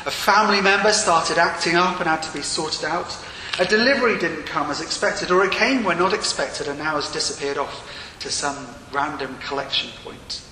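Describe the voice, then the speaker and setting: Bright preacher in an echoey hall. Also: male voice, fairly high pitch. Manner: earnest, with rising and falling emphasis. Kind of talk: sermon. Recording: echoey hall with long reverb and faint room noise.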